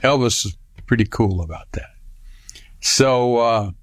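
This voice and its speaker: A man's voice: medium pitch, a little slow, noisy background. Older man telling a rambling anecdote. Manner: rambling with restarts, lively retelling. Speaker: storyteller. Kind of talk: personal anecdote.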